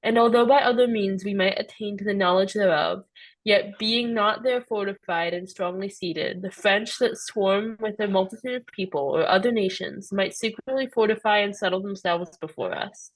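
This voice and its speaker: A woman student reads an old historical passage aloud to her class, taking it steadily and carefully. Her voice has an ordinary middle pitch. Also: normal speed, low-quality recording. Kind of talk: reading a historical text aloud.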